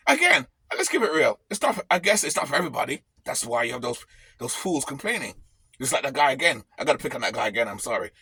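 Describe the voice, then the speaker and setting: Lively, bright-voiced ranting man. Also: medium pitch, fast, slightly rough, no room sound. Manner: blunt, ranting, swears freely. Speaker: vlogger. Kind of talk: ranting vlog. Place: camper van.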